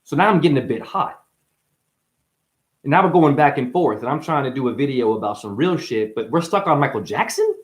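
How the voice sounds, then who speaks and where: A man's voice: medium pitch, animated, brisk. A man hosting a livestream, talking straight to his chat, passionate and defensive, swinging between agitation and making peace. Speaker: livestream host. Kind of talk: heated livestream chat reading comments.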